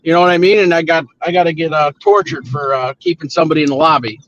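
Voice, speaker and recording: A man's voice: a little high, steady tone, fast, a bit bright, highs cut off, slight background noise. A man hosting a casual chat, rambling with many restarts and swearing when riled. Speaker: show host, wedding DJ.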